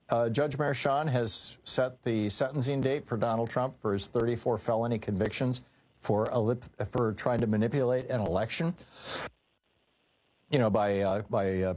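A man's voice: medium pitch, a little mellow. A man hosting a call-in radio talk show, conversational and opinionated with many fillers.

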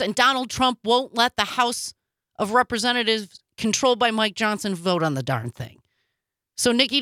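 Bright, sarcastic woman commentator. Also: fairly high pitch, no echo, clean studio sound. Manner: animated, sarcastic, cutting. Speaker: host. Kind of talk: political commentary.

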